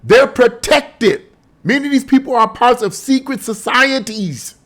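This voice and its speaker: A man's voice: extremely high pitch, unhurried, fairly bright tone. A man giving his political opinions in a casual vlog, emphatic and scoffing, with lots of rhetorical questions. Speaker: political commentator.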